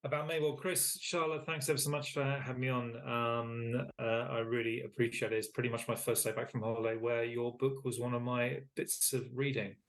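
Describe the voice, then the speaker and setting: A man in his fifties talks through his answers in an interview. He is articulate and reflective, with plenty of "you know" fillers. His voice has a middle pitch. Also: little pitch movement, fairly quick, few pauses. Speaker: charity chief executive and guest.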